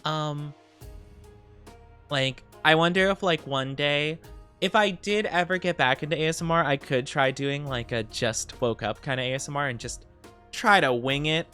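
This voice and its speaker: Young adult woman, streamer, casual chat, a bit tired, giggly, greets viewers, smooth clear voice, desk mic. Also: low voice, normal speed, a bit bright, faint music behind. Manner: chatty, reads viewer comments aloud and greets them, giggly. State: a little tired.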